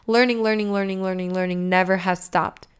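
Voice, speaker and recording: A podcast host launches into a loose, spirited motivational rant laced with swearing, leaping from loud outbursts to quiet asides. Her voice is medium in pitch, smooth and slightly quick.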